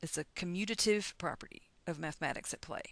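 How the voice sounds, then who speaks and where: Chatty woman teacher, lowish dry voice. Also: fast talker, creaky, no room sound. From United States. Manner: chatty, encouraging, talks through calculations aloud. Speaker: chemistry teacher. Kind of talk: recorded lecture.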